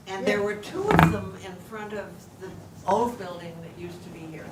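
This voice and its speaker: A woman in the audience, recalling details slowly and firmly. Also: medium pitch, echoey room. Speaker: audience member. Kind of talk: answering from the audience. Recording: distant from the mic in a lecture room.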